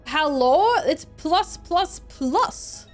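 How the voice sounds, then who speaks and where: A woman's voice: high voice, lively intonation, very slow, soft background music. A young woman from Sweden streaming a video game at home, chatting and giggling with her viewers as she plays. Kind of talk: casual gameplay streaming.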